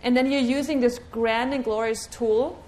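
A woman leading a live workshop, coaching with questions and sinking into a quiet low murmur for a repeated clearing chant. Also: fairly even intonation, moderate pace. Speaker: workshop facilitator.

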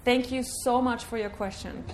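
A woman leading a live workshop, coaching with questions and sinking into a quiet low murmur for a repeated clearing chant. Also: fairly even intonation, moderate pace, slight background noise. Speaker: workshop facilitator.

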